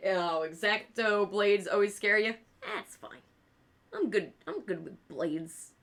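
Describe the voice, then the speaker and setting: A woman's voice: medium pitch, big pitch swings, slow, fairly bright tone. A woman streamer with a stuffed-up, nasal voice, chatting casually with viewers, joking, laughing and swearing as she works on crafts. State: stuffed up with congestion. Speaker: streamer making craft magnets.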